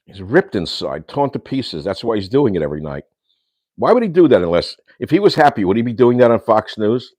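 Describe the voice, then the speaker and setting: This older host has a very deep, darkish voice and delivers his kitchen livestream in a very animated, slightly quick way. He wanders and rants, tossing out insults and Yiddish slang, and the sound is dry and close with no room echo.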